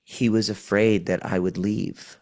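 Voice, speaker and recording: A man with a fairly low voice speaks as a guest on a podcast. He retells a healing session with animated energy and voices both sides of the exchange. His delivery is conversational and earnest. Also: a little slow, vocal fry. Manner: animated, acts out the client's replies. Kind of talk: conversational storytelling.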